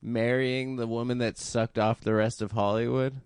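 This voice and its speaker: A man's voice: medium pitch, little pitch movement, moderate pace, smooth, dry recording, studio quality. A man co-hosting a podcast, chiming in with wry jokes and laughing often. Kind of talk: crude casual banter.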